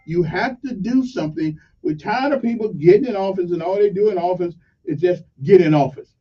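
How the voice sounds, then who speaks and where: A man hosting a morning radio talk show, rambling casually through shout-outs to local crews. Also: high-pitched, expressive, fairly quick, few pauses, distant mic. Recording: dull lo-fi sound, slightly off-mic.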